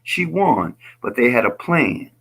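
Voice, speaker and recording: A man's voice: medium pitch, very animated, measured pace, a bit bright, slightly rough. A man speaking as a guest on a casual political call-in show, emphatic and rambling, lecturing his listeners.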